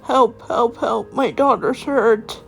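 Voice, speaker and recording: A woman's voice: fairly high pitch, slow, creaky, pitched above the performer's own voice. A woman doing a soothing, protective dad. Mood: panicked. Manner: soothing, gentle reassurances. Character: caring devoted father, soothing and protective.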